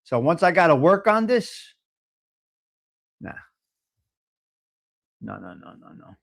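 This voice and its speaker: Guy hosting a live coffee stream, kinda high voice, blunt and jokey, cusses a lot. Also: big pitch swings, slow pace, creaky. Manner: blunt, joking, swears freely, talks straight to chat. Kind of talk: casual live-stream chat with viewers.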